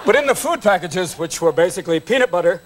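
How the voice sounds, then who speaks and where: A man's voice: sits high, expressive, fast, background noise. A man in his fifties, a comedian guest on a late-night TV studio show, riffing manically and jumping into voices. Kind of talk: rapid improvised comedy with impressions. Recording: TV studio, audience laughter.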